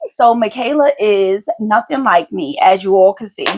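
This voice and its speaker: A woman in her forties hosting a podcast, telling family stories in an animated, emphatic, colloquial way. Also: medium pitch, moderate pace, a little hiss or hum. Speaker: podcast host, mother. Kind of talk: casual conversational storytelling.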